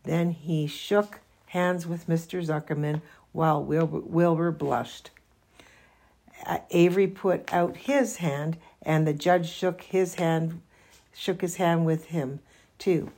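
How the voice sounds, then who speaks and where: A woman reading a children's novel aloud in a slow, careful manner. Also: deep voice, steady tone, darkish tone. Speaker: reader.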